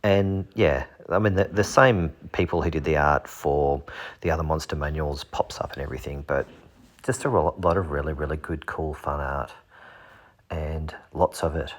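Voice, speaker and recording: Low voiced guy rambling about monster pics, cracking puns, laughing at himself. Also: fairly even intonation, normal speed. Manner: jokey, punning, self-deprecating. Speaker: channel host. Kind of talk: casual rambling commentary on fantasy art.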